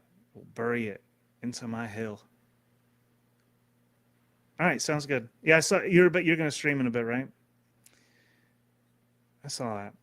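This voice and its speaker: A man's voice: medium pitch, fairly bright tone, no echo. A man hosting a live stream, rambling in profane, casual commentary and talking to his chat. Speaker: streamer host.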